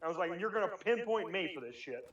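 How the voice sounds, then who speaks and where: A young man telling a rambling story among friends in a casual chat, animated and swearing, often laughing. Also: high-pitched, quick pace, muffled recording. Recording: echoey room, distant mic.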